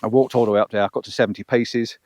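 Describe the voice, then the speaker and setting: A man's voice: fairly low pitch, steady tone, very fast, a little mellow. A man talking to the camera through a clip-on wireless mic while he walks a hillside field. His manner is chatty and self-mocking, and he sounds a little out of breath. The sound is dry, with no room echo. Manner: chatty, self-deprecating, counting aloud. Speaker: vlogger. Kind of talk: outdoor microphone range test vlog. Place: open hillside field with sheep, outdoors. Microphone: wireless lapel mic clipped on, far from camera.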